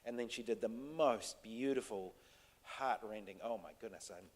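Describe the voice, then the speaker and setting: A man who works as a TV director, telling a story to a panel audience in a casual, halting way full of restarts and fillers. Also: lowish voice. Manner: halting, many restarts and fillers, soft-spoken. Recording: long hall reverb.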